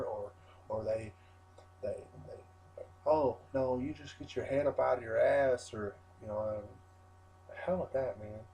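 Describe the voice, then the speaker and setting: A man's voice: medium pitch, a little mellow, a little hiss or hum, poor audio. A wrestler in a rambling, defiant interview rant, swearing constantly and restarting his sentences.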